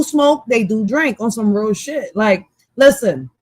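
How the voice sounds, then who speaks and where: A woman's voice: mid-range voice, expressive, normal speed, hardly any pauses, breathy edge, no echo. A woman co-hosting a casual talk show, blunt and swearing freely, laughing often. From Puerto Rican background, raised in Philadelphia. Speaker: co-host. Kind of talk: casual profane chat.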